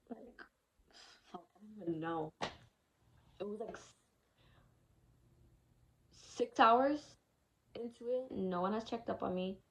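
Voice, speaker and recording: A woman's voice: on the high side, poor audio. A young woman telling a personal story in a casual vlog, frank and frustrated, swearing freely as she recounts it. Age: young adult. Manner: candid, emotional retelling with frequent swearing; frustrated, exasperated tone. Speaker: vlogger.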